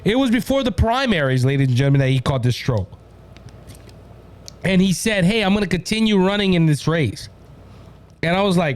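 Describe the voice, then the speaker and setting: A Louisiana man with a Cajun accent hosts a political commentary show, his voice pitched high for a man. He's animated and chatty, talking briskly with frequent pauses and calling out to "ladies and gentlemen" along the way.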